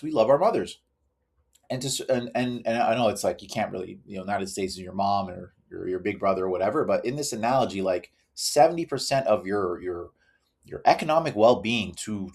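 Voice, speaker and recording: A man hosting a reaction video, ranting bluntly with plenty of swearing and repeated "guys". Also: lowish voice. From Canada. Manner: blunt and profane, keeps addressing viewers as guys. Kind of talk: ranting commentary.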